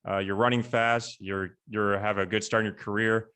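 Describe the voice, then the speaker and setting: A young man hosting a casual podcast interview over a video call, relaxed and halting, with many fillers. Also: lowish voice, clear, resonant tone. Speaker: podcast host.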